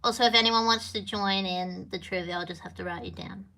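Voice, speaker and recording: A woman's voice: medium pitch, steady tone, fairly quick, pushed and bright. A woman hosting a trivia quiz on a casual live stream, chatty and meandering, with lots of fillers and little apologies. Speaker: livestream trivia host. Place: home with a piano.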